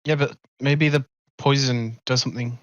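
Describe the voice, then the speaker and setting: A man's voice: medium pitch, fairly even intonation, normal speed, a bit bright, no room sound, muffled recording. A man playing a tabletop game, chatting casually and tentatively. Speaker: player.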